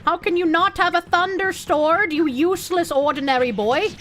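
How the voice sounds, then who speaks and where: Soft music plays under a young woman's very high-pitched voice as she streams a game at a moderate pace. She jokes around with chat, swears freely, stays lively and laughs often.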